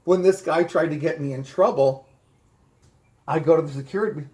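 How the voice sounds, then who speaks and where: A man's voice: fairly high pitch, normal speed, darkish tone, poor audio. A man rehearsing a stand-up comedy bit, with punchy delivery and a repeated catchphrase. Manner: bilingual.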